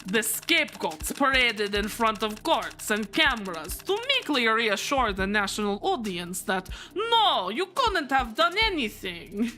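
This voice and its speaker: A woman voicing a scheming, menacing male oligarch in a game, with a shaky put-on Russian accent that slides toward French, delivered slowly. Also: on the high side, very animated, sharp tone, faint music behind, full character voice. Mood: smug. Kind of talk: voice acting a visual novel on stream.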